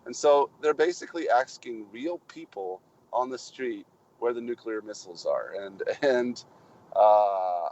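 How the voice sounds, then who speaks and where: A man co-hosting a casual podcast chat about films, halting and repeating words, on muffled lo-fi audio. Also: medium pitch, expressive, a little mellow, slight background noise. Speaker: podcast co-host.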